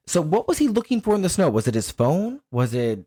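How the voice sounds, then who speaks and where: A man co-hosting a podcast in casual chat, animated and profane, laughing often. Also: on the high side, brisk, husky, dry recording, studio quality. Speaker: podcast co-host.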